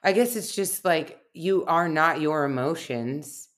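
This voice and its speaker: A woman's voice: deep voice, measured pace, a bit bright. A middle-aged woman, a research scientist guest, talking reflectively on a podcast, telling personal stories with many fillers. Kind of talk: casual podcast conversation.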